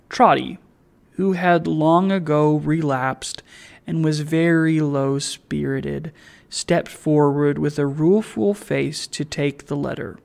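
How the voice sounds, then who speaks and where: A man on a library staff reading a classic novel aloud in a slow, measured narration. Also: on the high side, vocal fry, darkish tone.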